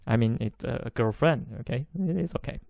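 A man's voice: medium pitch, expressive, a little fast, gravelly, darkish tone, dry recording. A man whose first language is Chinese teaches a podcast language lesson, explaining patiently, repeating phrases and chuckling now and then.

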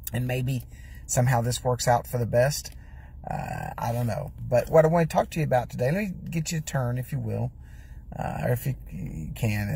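A man's voice: mid-range voice, vocal fry, a little mellow, a little hiss or hum. A man preaching an earnest sermon from his parked truck, reading scripture aloud and repeating questions for emphasis. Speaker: pastor.

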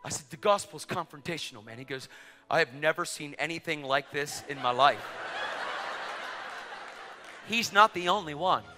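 Middle-aged male preacher, bright piercing tone, animated storyteller who shouts at peaks; reverberant hall. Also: on the high side, moderate pace, long pauses, faint music behind. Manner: excitable, acts out dialogue, rising to shouts. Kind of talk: sermon storytelling. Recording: long reverb of a large hall.

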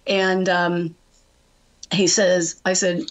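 A middle-aged woman, a trading coach, is a guest on a radio talk show and tells stories in a chatty, animated way. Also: on the low side, extremely slow. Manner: chatty, animated storyteller, laughs often. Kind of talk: phone-in storytelling on a talk show.

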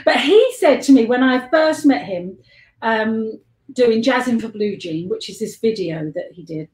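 A woman's voice: a little high, animated, a little slow, darkish tone. An older woman with a London accent telling rambling anecdotes as a guest on a video call, chatty and giggly, jumping between tangents. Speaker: guest and life model. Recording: echoey room on a live stream.

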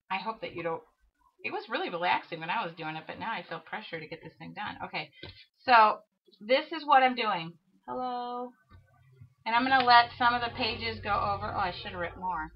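A woman's voice: medium pitch, a little fast, husky. A middle-aged woman leading a live craft tutorial, chatty and self-mocking as she talks herself through the work. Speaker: craft demonstrator. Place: craft studio. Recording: dull lo-fi livestream audio with faint hiss.

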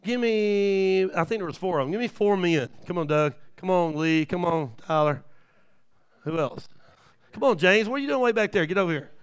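A man in his fifties preaching a live church sermon, telling stories in a folksy way with many amens. He swings from quiet asides to shouted peaks. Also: high-pitched, animated, moderate pace, smooth. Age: 50s. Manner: folksy, with frequent amens and praise the lord.

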